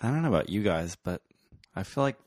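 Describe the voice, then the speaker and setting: A man's voice: lowish voice, sing-song, fast, a little mellow. A man co-hosting a radio music show, introducing songs in rambling, dry casual chat. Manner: rambling and dry, with fillers and laughs.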